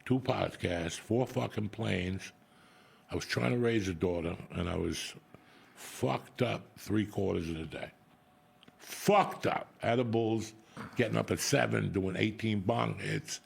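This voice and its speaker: Middle-aged new guy, real gravelly and husky, swears a lot, just shooting the breeze. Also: lowish voice, a little slow. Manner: profane, blunt, animated storyteller. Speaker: comedian podcast host. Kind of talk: casual storytelling chat.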